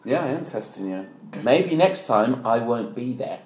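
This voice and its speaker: A man's voice: mid-range voice, lively intonation, a little slow, a little mellow. A man co-hosting a casual podcast chat, teasing his friends and retelling stories with put-on voices. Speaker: podcast co-host. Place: home studio. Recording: roomy echo.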